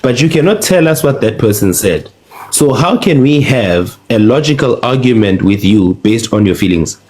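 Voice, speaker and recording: A man's voice: medium pitch, lively intonation, moderate pace, darkish tone, rough recording. A man hosting a live-stream panel debate, pressing a guest with firm, cross-examining questions. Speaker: panel host.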